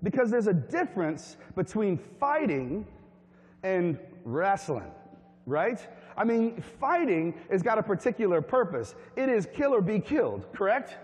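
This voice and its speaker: A man from Tennessee preaching a humorous storytelling sermon, chatty and animated, asking his congregation questions. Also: high-pitched, unhurried, long reverb tail. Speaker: pastor. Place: church hall with a congregation.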